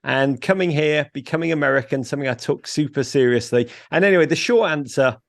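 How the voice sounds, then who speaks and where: A man with a Liverpool accent, a guest in an interview, talking in a witty, excitable way with quick jokes. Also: on the high side, creaky, no room sound, clean studio sound. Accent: Liverpool English. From Liverpool, England. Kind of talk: animated interview chat.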